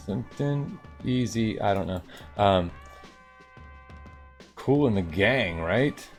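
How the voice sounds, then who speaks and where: A fairly low-voiced man talks through coding exercises on a live stream, reading each instruction aloud and riffing on it. He hams it up with a put-on New York twang, little sound effects and jokey remarks, and faint music plays behind him. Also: lively intonation, slow pace, long pauses. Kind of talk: casual live-coding commentary.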